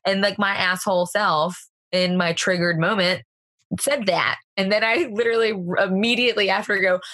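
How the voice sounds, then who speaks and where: A woman's voice: mid-range voice, steady tone, moderate pace, pushed and bright, no room sound. A woman in her thirties chatting casually as a podcast co-host, candid and self-mocking, often laughing. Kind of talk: casual chat.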